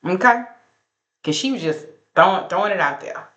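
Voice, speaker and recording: A woman's voice: lowish voice, expressive, normal speed, a bit bright, echoey room, dull audio. A woman, sassily recapping a reality show episode in a casual, gossipy commentary straight to her viewers.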